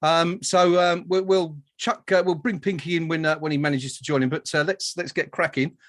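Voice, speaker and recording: A man's voice: a little high, steady tone, moderate pace, a bit bright, no echo, studio quality. A man hosting a live online awards show, chatty and jokey, with lots of fillers and restarts. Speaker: host.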